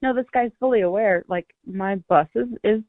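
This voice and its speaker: A woman hosting a casual chat, chatty and joking with quick laughs. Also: medium pitch, dry recording. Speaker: channel host. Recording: dry, phone-like audio.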